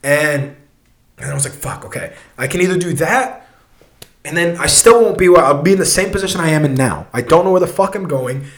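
A young man with a slightly high voice tells a long personal story in a loose, rambling way. He swears a lot and keeps restarting his sentences. The room around him is echoey. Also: brisk. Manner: rambling, swearing often, restarts, animated retelling. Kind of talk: casual storytelling.

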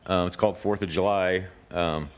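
A man's voice: deep voice, steady tone, moderate pace, clear, resonant tone. A man hosting a casual radio talk show, chatting loosely with many fillers and frequent laughs. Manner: laughs often, rambling with fillers. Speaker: podcast host.

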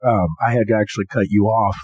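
A man co-hosting a podcast in relaxed, slangy casual chat. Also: lowish voice, noisy background. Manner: relaxed, slangy, quick to laugh along. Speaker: podcast co-host.

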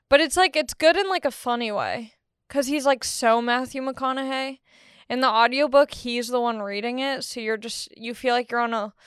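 Rambling young woman, smooth close voice. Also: a little high, dry recording. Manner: rambling, self-deprecating, jokey. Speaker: podcast host. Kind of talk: casual monologue.

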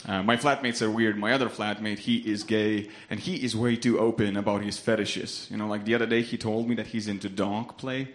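A young man from Lithuania with a Lithuanian accent performing a stand-up comedy set on a club stage, deadpan and laughing at his own punchlines. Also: lowish voice, brisk, few pauses.

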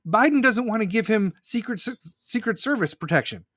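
A man's voice: high voice, animated, moderate pace, a bit bright, no room sound, studio quality. A man hosting a podcast, delivering an angry, profane political rant. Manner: furious, profane, ranting. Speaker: podcast host.

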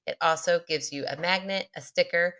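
A woman's voice: fairly low pitch, fairly quick, fairly bright tone. A woman co-hosting a podcast, chatty and upbeat as she reads out show details. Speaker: podcast co-host. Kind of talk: casual chat.

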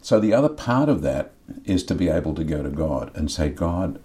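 A man's voice: a bass voice, big pitch swings, a little fast, mellow. A middle-aged man talking candidly about faith and his inner life, earnest and confessional, often repeating words as he searches for them. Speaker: podcast guest.

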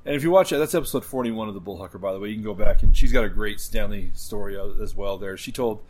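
A man hosting a podcast in casual chat, relaxed and pausing on fillers. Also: on the low side, a little hiss or hum. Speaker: podcast host.

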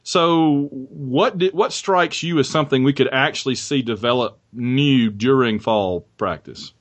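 A man's voice: medium pitch, a little slow. A man hosting a podcast and chatting casually about college football in a rambling, restarting way. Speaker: podcast host. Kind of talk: casual sports chat.

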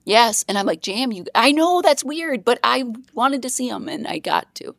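A bubbly young woman tells a story as a podcast guest, bursting into laughter as she goes. Her voice is high and jumps all over. The sound is close and dry. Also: normal speed, vocal fry, no room sound. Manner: bubbly, excitable, laughs often. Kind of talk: casual storytelling.

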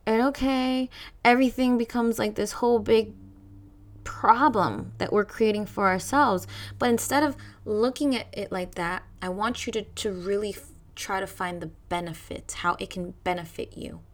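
A woman's voice: mid-range voice, moderate pace. Emphatic woman giving a motivational talk. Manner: emphatic, repeats phrases for stress. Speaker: podcast host. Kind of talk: motivational self-help talk.

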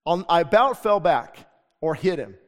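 A man's voice: fairly high pitch, very animated, moderate pace. A middle-aged male pastor preaching a sermon with passion, switching into the voices of the people he quotes. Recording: long hall reverb.

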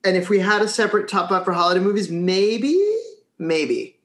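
Excited gushy cohost, says really a lot, roomy echo. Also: mid-range voice, normal speed. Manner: enthusiastic, gushing, repeats words. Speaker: podcast co-host. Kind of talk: casual chat. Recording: echoey room.

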